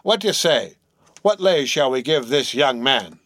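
A man's voice: mid-range voice, expressive, unhurried, a bit bright, no echo. A man voicing a fiery, blustering old sea captain who roars oaths in an audiobook reading. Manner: roaring, outraged oaths. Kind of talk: audiobook character voice.

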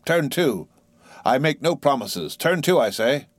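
A man's voice: medium pitch, expressive, fairly quick, fairly bright tone, dry recording, pitched above the performer's own voice, close to an everyday voice. A man reading aloud and voicing a furious middle-aged ship captain who roars his orders. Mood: commanding. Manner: roaring, barking orders.

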